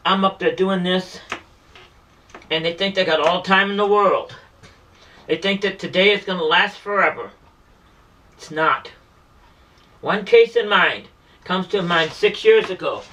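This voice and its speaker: A man with a high, bright voice tells a heartfelt story, circling back and restarting his phrases as he goes. His earnest, repetitive delivery is picked up from some distance, so he sounds set back from the mic. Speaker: street performer and vlogger. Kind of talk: emotional personal storytelling.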